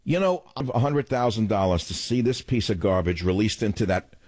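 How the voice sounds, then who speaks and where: A man's voice: fairly low pitch, lively intonation, moderate pace, darkish tone, breathy edge, no room sound. A man hosting a radio talk show, delivering a combative, scornful opening monologue.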